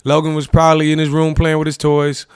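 A young man hosts a podcast, reflecting on a past relationship in a casual, candid monologue full of slang and "you know what I'm saying." His slightly high voice is fast, smooth and completely flat, in a dry, clean studio recording.

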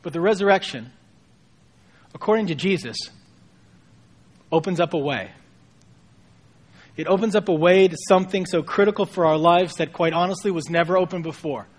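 High-voiced man preaching casually. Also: moderate pace, long pauses. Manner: casual storytelling, voices the people in the story with mild humor. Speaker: pastor. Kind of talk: conversational Easter sermon.

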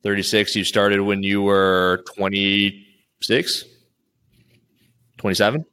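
A man's voice: lowish voice, flat delivery, takes it slowly, sharp tone, clean tone. A man coaching and interviewing an athlete in a casual chat, rambling and restarting his sentences often.

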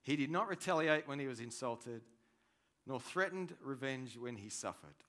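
A man preaching a sermon, animated and conversational, swinging between loud emphasis and quiet asides. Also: medium pitch, moderate pace. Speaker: pastor.

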